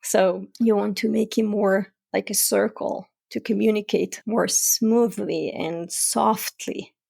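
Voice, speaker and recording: Gravelly-voiced woman coaching parents. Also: mid-range voice, takes it slowly. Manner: calm, explanatory, gives examples. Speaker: parent coach and podcast host. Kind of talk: solo advice podcast.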